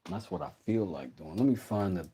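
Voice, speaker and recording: A man's voice: low voice, lively intonation, fairly quick, warm tone, slightly rough. A man, chatting casually with viewers during a live stream while tinkering in his workshop. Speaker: livestream host. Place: home workshop.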